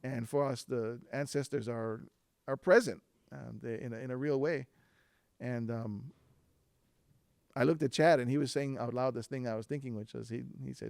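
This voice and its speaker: A man's voice: medium pitch, normal speed, creaky, dry recording. Male storyteller, casual and chatty, mid-range voice, dry sound. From Hawaiʻi. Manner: relaxed and conversational, with frequent fillers and restarts. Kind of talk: live storytelling on stage. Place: stage before a live audience.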